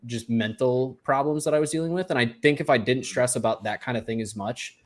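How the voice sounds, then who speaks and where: A podcast co-host chats casually and candidly, his mid-range voice fairly quick. He's relaxed and drops light laughs between his thoughts.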